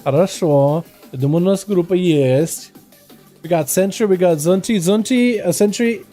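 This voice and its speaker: A male game streamer with a high, soft, mellow voice talks at a normal speed, chatting casually with viewers before switching to lively, hyped play-by-play of duels. He's energetic throughout, with faint music underneath.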